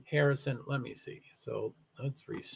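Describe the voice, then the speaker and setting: A man's voice: medium pitch, steady tone, normal speed, gravelly, slight background noise. A very tired man, yawning, chatting in a rambling way with many fillers while running a solo livestream about racing. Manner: rambling, self-interrupting with fillers. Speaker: live streamer.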